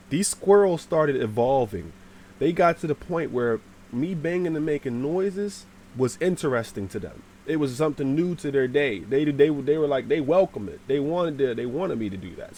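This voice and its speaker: Animated man telling a rambling story. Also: medium pitch, slight background noise. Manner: animated, swears, shouts out acted lines; slangy and rambling. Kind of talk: casual storytime vlog.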